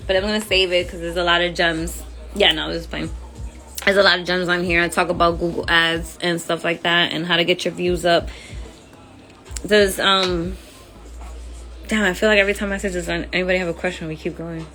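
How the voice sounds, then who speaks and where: A woman's voice: lowish voice, little pitch movement, brisk, bright, forceful tone, faint music behind. A woman with an accent hosting a casual phone livestream, chatty and friendly, using informal slang. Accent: accented English. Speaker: livestream host.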